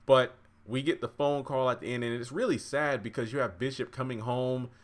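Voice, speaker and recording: A man's voice: medium pitch, fairly quick. Rambling male TV recap vlogger. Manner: chatty and rambling, full of fillers and asides. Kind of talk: casual episode recap commentary.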